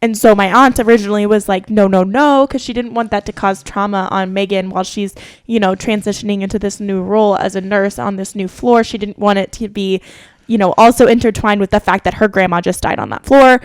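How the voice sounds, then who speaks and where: A woman co-hosting a podcast, recounting events in a steady, plain way. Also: mid-range voice, a little fast, clean tone, dry recording. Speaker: podcast co-host. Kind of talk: casual chat.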